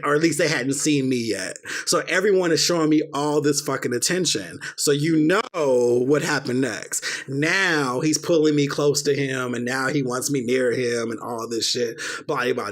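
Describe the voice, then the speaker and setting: A young man hosting a podcast, telling a personal story in a casual, animated way, acting out quoted dialogue and swearing freely. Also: on the high side. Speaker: podcast host.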